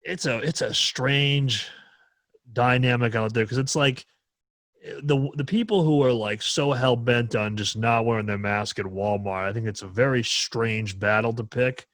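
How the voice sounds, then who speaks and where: A podcast host from New Hampshire chats casually and launches into animated, profane rants full of swearing. He has a mid-range voice, speaks a little slowly, and the recording has no room sound.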